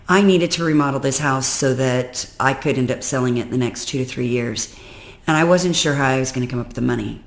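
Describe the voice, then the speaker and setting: A woman telling a candid personal story to the camera, venting and emotional, dropping low and weary, then rising loud and exasperated. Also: fairly quick. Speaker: personal development vlogger.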